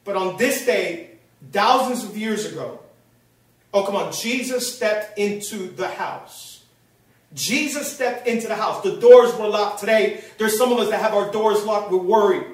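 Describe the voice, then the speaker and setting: A man's voice: high-pitched, unhurried. A male pastor preaching with passion, repeating his phrases for emphasis. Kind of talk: sermon. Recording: very echoey room, voice from far off.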